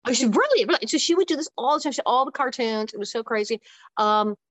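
A woman in her sixties, an interview guest, telling stories in an animated, casual way with quick asides. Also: on the high side, no room sound. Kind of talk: casual storytelling.

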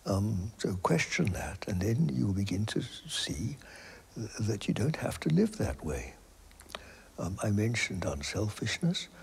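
An older man giving reflective interview answers, halting and hesitant with many restarts, often dropping to a soft, near-whispered delivery. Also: lowish voice, big pitch swings, vocal fry, husky.

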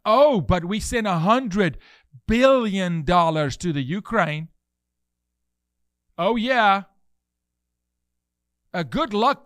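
A man with a notably high voice, preaching his commentary with fervor. He fires off rhetorical questions one after another. The sound is close and dry, with no room around it. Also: a bit bright, no room sound. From South Africa. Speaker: podcast host. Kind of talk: impassioned commentary with scripture reading.

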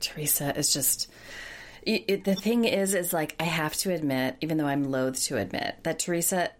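Low-voiced, blunt woman podcaster. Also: normal speed. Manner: blunt, opinionated, chatty. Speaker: podcast co-host. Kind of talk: casual recap chat.

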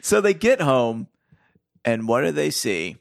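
Animated man on a podcast. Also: mid-range voice, slow, creaky, no room sound, clean studio sound. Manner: animated, laughs often. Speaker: podcast co-host. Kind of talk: casual podcast chat.

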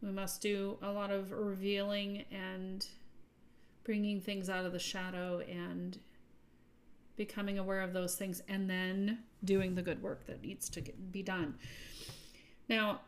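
A woman hosting a podcast, giving an earnest, upbeat spiritual talk that often trails off softly at the ends of phrases. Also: mid-range voice, level tone, measured pace, a little hiss or hum. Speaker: podcast host.

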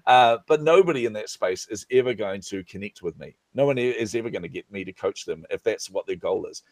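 A man's voice: fairly low pitch, brisk, no echo. A middle-aged man, a business coach, chatting as a podcast guest and acting out the dialogue in his stories. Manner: animated storyteller, acts out quoted dialogue. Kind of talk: casual interview chat.

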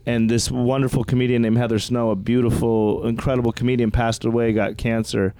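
Animated male comedian telling a story. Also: mid-range voice, a little fast, clear, resonant tone, dry recording. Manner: animated storyteller, acts out quotes in raised voice. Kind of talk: casual storytelling chat. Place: podcast studio.

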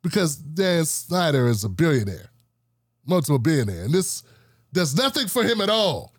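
Male podcast host, 40s, slightly high voice, casual storyteller who acts out quotes, dry close mic. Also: normal speed, husky, no echo. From Washington, D.C. area. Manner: animated, acts out quoted coworkers.

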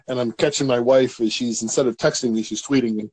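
Relaxed, amused male host. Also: medium pitch, brisk. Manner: relaxed, amused, uses "like" often. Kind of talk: casual chat.

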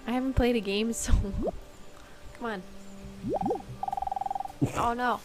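A woman's voice: a little high, a little slow, poor audio. A woman with a Canadian accent chatting and laughing as she plays a video game on camera. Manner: chatty, giggly, easily excited. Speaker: gamer playing on camera. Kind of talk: casual let's-play chat. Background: game music.

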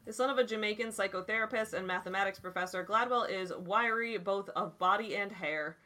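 A woman in her twenties hosting a casual chat and reading articles aloud, animated and chatty, full of "like" and "dude". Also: medium pitch, fairly quick.

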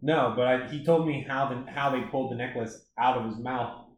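A young man in casual chat with friends, an animated storyteller who acts out his own panic. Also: mid-range voice, a little fast. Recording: echoey room with faint noise.

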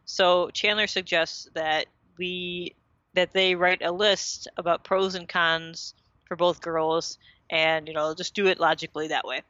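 A woman's voice: on the low side, fairly even intonation, a little slow, fairly bright tone, no echo, muffled recording. A woman casually recapping a TV episode as a podcast co-host, chatty and full of fillers.

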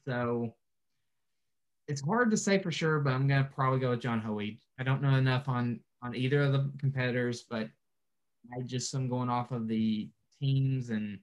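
A man's voice: mid-range voice, moderate pace. A man co-hosting a casual podcast, thinking aloud with hesitant restarts. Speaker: podcast co-host. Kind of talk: casual chat.

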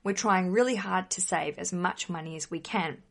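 A woman's voice: fairly low pitch, normal speed, vocal fry. A woman hosting a wedding advice podcast, chatty and emphatic, blunt with some mild swearing.

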